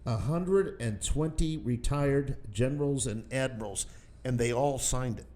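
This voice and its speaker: A man's voice: mid-range voice, a little slow, mellow. A man co-hosting a political talk radio show, teasing dryly and reading out news items. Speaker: radio co-host.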